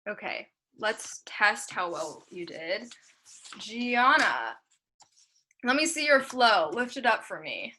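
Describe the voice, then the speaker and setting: A young woman teaching debate online, briskly reading out a practice speech in a drill-like list and then checking in with her students. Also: medium pitch, very animated, bright, forceful tone, slight background noise. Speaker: debate camp instructor.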